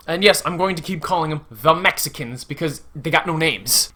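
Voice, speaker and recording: A young man reviews a movie in a loose, chatty way, his voice sitting a bit high and sounding bright and forceful. He is sarcastic and breaks into loud, acted-out quotes. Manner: chatty, sarcastic, acts out quotes in sudden shouts. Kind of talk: casual spoken movie review.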